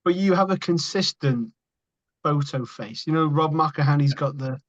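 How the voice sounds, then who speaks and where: A podcast co-host who teases his guest in casual chat. His voice sits a little high. The sound is dull and lo-fi. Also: normal speed. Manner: teasing, joking.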